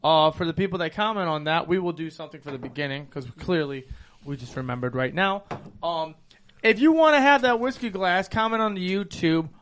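A young man co-hosting a podcast, his voice sitting a little high. He chats loosely with friends, jokes around and swears freely. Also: lively intonation, a little fast, fairly bright tone, slight background noise. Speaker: podcast co-host. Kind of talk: casual chat.

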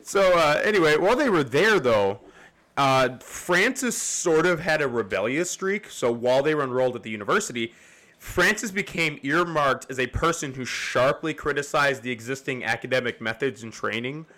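A man's voice: mid-range voice, lively intonation, normal speed, bright, forceful tone. A man hosting a casual history podcast, rambling and laughing often as he explains. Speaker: podcast host.

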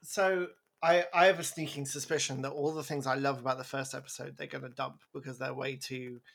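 A man co-hosting a podcast in casual chat, animated and rambling, laughing as he talks. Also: mid-range voice, a little fast, creaky. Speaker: podcast co-host.

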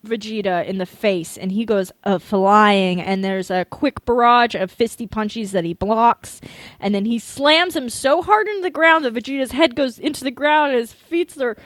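A woman's voice: a little high, moderate pace, no room sound. A woman co-hosting a podcast in casual chat, telling a story with lots of fillers and swearing. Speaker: podcast co-host recapping episodes.

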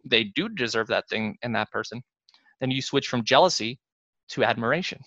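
A man's voice: mid-range voice, animated, brisk, sharp tone, dry recording. A man as an interview guest, explaining ideas in a rambling way with restarts and chuckles. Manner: rambling, many fillers and restarts, chuckles often. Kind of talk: interview conversation. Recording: dull lo-fi dry sound.

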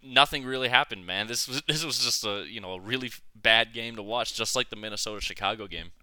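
A man's voice: lowish voice, fast talker, sharp tone, clear, resonant tone, no echo. A man co-hosting a casual sports podcast, blunt and a little profane, his sentences full of fillers and restarts. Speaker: podcast co-host.

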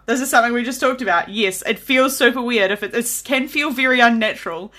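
Bright-voiced New Zealand woman. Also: medium pitch. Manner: chatty, laughs often, self-deprecating. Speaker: podcast host. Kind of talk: casual chat.

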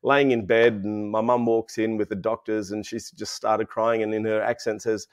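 A man's voice: lowish voice, flat delivery, normal speed, hardly any pauses, smooth. A man in his fifties with an Australian accent, a guest in a casual interview, telling a personal story in a rambling way full of restarts and fillers. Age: 50s.

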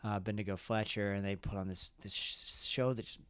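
A man's voice: lowish voice, steady tone, a little fast, a bit bright, clean tone, no room sound. A man hosting a podcast, chatting reflectively in a casual interview, with many restarts. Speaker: podcast host. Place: room at a music festival.

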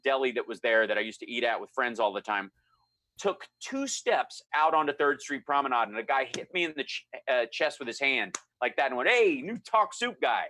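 A middle-aged man telling a story in a relaxed chat, animated and acting out the voices of the people he quotes. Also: medium pitch, a little fast, dry recording. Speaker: guest storyteller.

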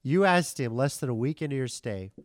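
A man's voice: mid-range voice, lively intonation, brisk, no room sound. Blunt opinionated man, dry close mic. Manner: blunt, opinionated, leads topics. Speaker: podcast co-host. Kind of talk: casual chat about reality TV.

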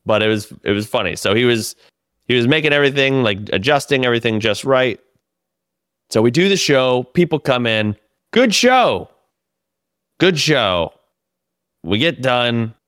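A man telling profane, animated stories about a comedy tour in casual podcast chat. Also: medium pitch, a little fast, clear, resonant tone, no room sound, clean studio sound. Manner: profane, animated storytelling with laughs.

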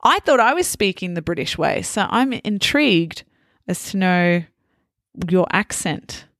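An unhurried woman hosting a podcast, asking curious questions in a relaxed, easygoing way. Her voice sounds dry and close, with no room around it, and she laughs readily. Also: lowish voice, no room sound. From Australia. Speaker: podcast host. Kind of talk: casual chat.

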